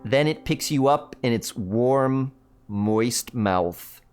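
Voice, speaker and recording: A man's voice: mid-range voice, expressive, slow pace, darkish tone. A man hosting a livestream, reading a spooky choose-your-own-adventure book aloud in a theatrical, playful way with joking asides. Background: faint background music.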